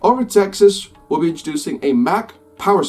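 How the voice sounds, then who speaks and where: A man putting on an American accent to voice a slow, grand theme-park announcer in promotional style. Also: on the high side, lively intonation, a little mellow. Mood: announcing. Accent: put-on American. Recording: slightly distant mic, faint music behind.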